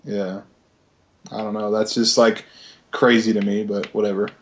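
A man's voice: on the low side, level tone, normal speed. A young man telling stories in a laid-back, profane way, with many fillers, in casual chat.

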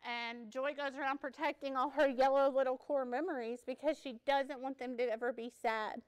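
A woman's voice: high-pitched, fairly even intonation, moderate pace, smooth. A woman giving a peer support workshop at a conference, chatty and joking, laughing often. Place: conference session room.

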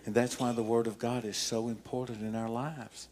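An older man preaching a sermon as pastor, emphatic, telling stories with dramatic pauses. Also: mid-range voice, flat delivery, darkish tone.

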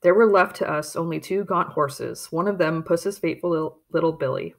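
A woman reading a storybook chapter aloud in a steady, plain manner, with occasional slips and restarts. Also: low voice, normal speed. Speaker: audiobook reader. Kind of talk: storybook narration.

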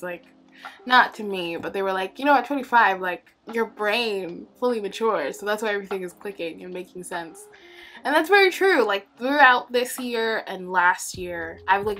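A woman's voice: on the low side, a bit bright. Chatty young woman vlogging over music. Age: 20s. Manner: chatty and rambling, laughs often, emotional. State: holding back tears. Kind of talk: casual personal vlog.

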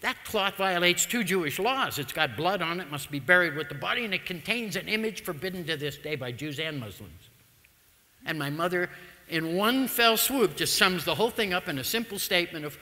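A man, telling stories through a public talk in a humorous, animated manner. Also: fairly high pitch, brisk. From United States. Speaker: lecturer. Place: lecture hall. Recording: long reverb of a lecture hall.

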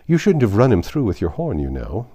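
A man's voice: on the low side, huge pitch swings, a little fast, dark tone. A man reading aloud, voicing a fussy, nervous old king who repeats himself. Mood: fretful. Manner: anxious, repeats words.

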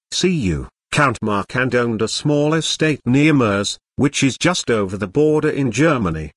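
A synthetic male narrator reading an audiobook in an even machine-read manner. His voice is husky, and the sound is dry with no room echo. His pitch moves in a lively way. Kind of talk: scripted narration.

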